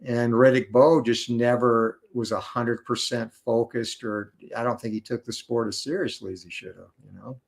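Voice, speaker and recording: A male guest in a casual chat who explains things in a steady, knowledgeable way. He talks at a middling pitch and often fills pauses with "uh" and "you know".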